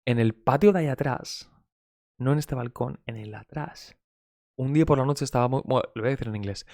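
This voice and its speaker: A Spanish-accented man, Spanish his first language, teaching English in a loose, gossipy way that slides into Spanish. His voice sits in a middle pitch. It is recorded close and dry, with no room sound. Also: quick pace, a little mellow, no room sound. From Spain. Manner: chatty, gossipy, swears, mixes Spanish into English. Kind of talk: casual live-stream English lesson.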